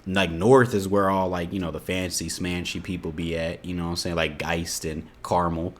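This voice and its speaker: A young man with an Indiana accent talks through a reaction video in a lowish voice. He is animated and a bit exasperated, and he leans on casual filler phrases as he explains himself. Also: moderate pace. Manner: animated, exasperated, keeps saying "you know what I'm saying".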